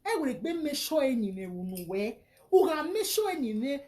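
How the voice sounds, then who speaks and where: A woman's voice: high-pitched, big pitch swings, moderate pace, mellow. A woman with a Nigerian accent, ranting angrily on social media and hurling insults. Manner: scolding, insulting, repeats herself. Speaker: vlogger. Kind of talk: angry social media rant.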